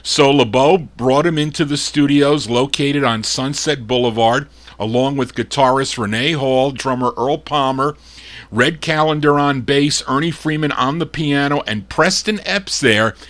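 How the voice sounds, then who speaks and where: A man hosting a live oldies record show, gruff and fed up as he grumbles between detailed introductions of the records he spins. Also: medium pitch, measured pace, fairly bright tone. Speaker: radio show host and record DJ.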